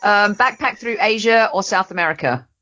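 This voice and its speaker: A woman co-hosting a fan podcast, excitable and gushing. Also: mid-range voice, moderate pace. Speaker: podcast co-host. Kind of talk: casual podcast chat. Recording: dull lo-fi podcast audio.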